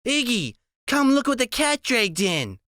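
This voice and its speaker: A man's voice: big pitch swings, unhurried, sharp tone, no echo, full character voice. A tipsy, flirty woman with a slurred, sloppy way of talking, as a male audiobook narrator puts her on. Her voice sits far above his own and lurches along unevenly. The sound is dry and close. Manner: high, slurred, giggly.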